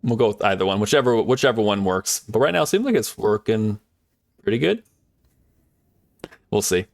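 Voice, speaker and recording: A man's voice: lowish voice, expressive, normal speed, gravelly, dry recording. A man streaming live, chatting casually and cheerfully with his viewers, full of fillers and asides.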